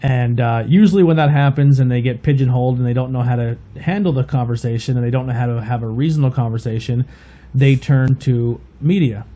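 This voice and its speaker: A man's voice: medium pitch, fairly quick, warm tone. A man co-hosting a podcast in casual chat, retelling comedy bits and swearing freely. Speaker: podcast co-host.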